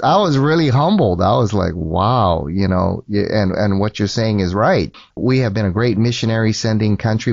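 American male host, animated storyteller, dry and slightly dull audio. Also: lowish voice, gravelly, dry recording. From United States. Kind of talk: conversational interview.

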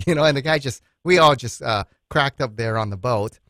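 A man hosting a radio interview with an earnest, steady delivery. His voice sits at a middle pitch. The studio sound is close and dry, with no room around it. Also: normal speed, no room sound. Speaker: radio show host.

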